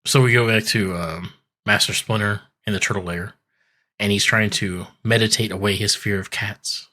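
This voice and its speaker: A man co-hosting a podcast, recapping a cartoon episode in a relaxed, rambling way and acting out the characters' lines. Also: fairly low pitch, moderate pace. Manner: laid-back storytelling, acts out characters in quotes. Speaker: podcast co-host. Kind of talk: casual recap chat.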